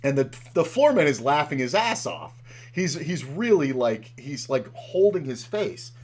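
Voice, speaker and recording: A man in his forties hosting a podcast, telling a story in a casual, profane, animated way and acting out the dialogue. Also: on the high side, unhurried, breathy edge. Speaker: podcast host.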